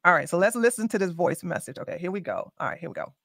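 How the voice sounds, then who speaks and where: A woman hosting an interview in a brisk, controlling way, repeating herself to hold the floor. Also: fairly low pitch, animated, no room sound, clean studio sound. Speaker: interviewer host. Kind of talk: casual interview.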